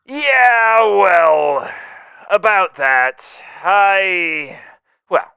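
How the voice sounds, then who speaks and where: A man voicing a wisecracking, unhinged male mercenary in a fan audio drama, jokey and manic, swinging between whispers and shouts. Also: high-pitched, expressive, drawn-out words, clear, resonant tone, no room sound, exaggerated voice. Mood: manic teasing.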